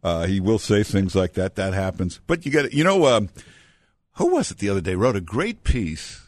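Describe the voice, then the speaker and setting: A man's voice: fairly low pitch, very animated, normal speed, no echo. A male radio talk show host taking calls, blunt and opinionated, wandering into asides. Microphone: studio microphone.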